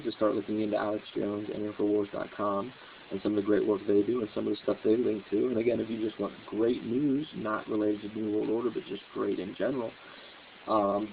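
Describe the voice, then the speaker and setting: A low, gravelly male voice rambles through a political monologue, halting often and leaning on fillers. It sounds squeezed through a phone-like line, with a faint hiss underneath. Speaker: political podcast host. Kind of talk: casual monologue.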